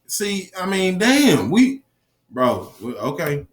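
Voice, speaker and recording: A man's voice: sits high, huge pitch swings, takes it slowly. A man speaking in a casual, profane rant, cursing often, repeating himself and reading news items aloud. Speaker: commentator.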